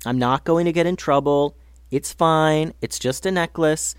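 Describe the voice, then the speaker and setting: A man's voice: a little high, a little slow, clear, resonant tone, dry recording, clean studio sound, pitched above the performer's own voice, natural voice. A man voicing a carefree, confident girl who talks in a breezy, offhand way.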